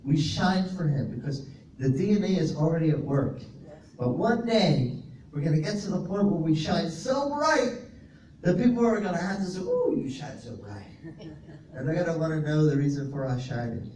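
A man's voice: on the high side, lively intonation, normal speed, darkish tone, recorded from a distance. A male pastor preaching a sermon, reading scripture aloud and explaining Greek words to his congregation. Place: fellowship hall. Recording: roomy echo, voice from off-mic, faint noise.

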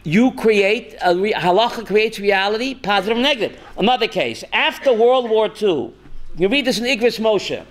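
A man, a rabbi, teaching a class with animated storytelling and calling on students by name. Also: high-pitched, normal speed.

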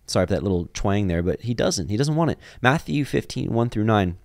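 A man's voice: on the low side, lively intonation, a little fast, a little mellow, no room sound, studio quality. A man giving an informal, conversational Bible teaching, drifting off on side tangents and reading passages aloud. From grew up in a Jewish family. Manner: conversational, digressive, reads scripture aloud.

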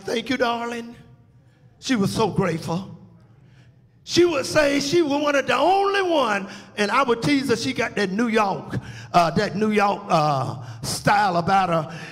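A man's voice: very high voice, a bit bright, long reverb tail. A man preaching a funeral eulogy as pastor, his delivery rising and falling as he calls out to the congregation. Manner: preaching with swells and call-outs to the congregation. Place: church sanctuary.

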